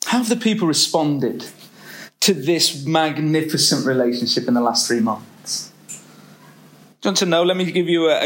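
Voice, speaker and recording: A man's voice: a little high, moderate pace. A middle-aged man preaching a sermon, reading scripture and acting out quotes with humor. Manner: lively, expressive preaching with humor and acted-out quotes.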